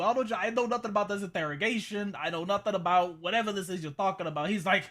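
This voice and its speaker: A man with a high, bright voice recounts an encounter in character during a roleplay. He rambles, stammers and repeats words as he tells it. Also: fast talker. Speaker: roleplay character giving a statement. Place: game voice chat.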